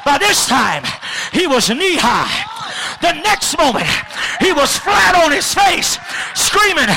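A man preaching a shouted revival sermon, calling out to the congregation in a church. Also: very high voice, sing-song, slow, vocal fry, a crowd in the background, noisy background. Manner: shouting call-and-response with the congregation. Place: church hall before a congregation.

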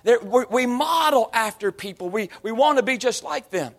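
A man's voice: very high voice, lively intonation, moderate pace, vocal fry. A male pastor in his thirties or forties preaching a sermon in a conversational storytelling way, often slipping into voices and accents he imitates.

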